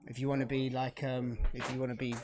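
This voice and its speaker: A man's voice: mid-range voice, flat delivery, fast, a little mellow. A man co-hosting a live trading stream, chatting casually with frequent fillers and easy laughs. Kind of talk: casual chat.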